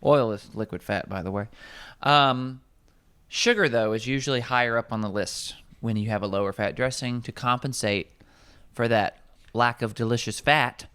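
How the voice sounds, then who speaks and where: A young man, a nutrition coach, chatting casually in an office kitchen, reading out ingredient lists in a wry, animated way. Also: medium pitch, moderate pace, clean tone, no room sound.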